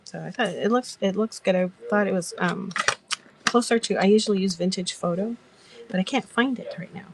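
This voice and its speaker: A woman's voice: mid-range voice, fairly quick, noisy background. A woman hosting a casual crafting chat, telling stories in a giggly, rambling way. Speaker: crafter and live-selling host.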